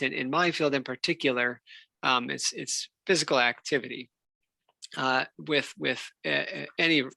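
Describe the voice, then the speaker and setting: A man, a physical therapist giving a relaxed, unscripted health talk full of fillers and restarts. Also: medium pitch, vocal fry, dry recording. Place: church hall.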